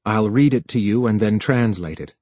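A man's voice: on the low side, normal speed, mellow, dry recording, lightly acted. Man reading a tense young technician.

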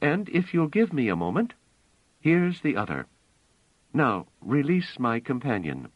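Man doing a calm, clever woman with mind powers, urgent, tense, raised pitch, dry dull audiobook. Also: unhurried, no echo. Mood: coaxing.

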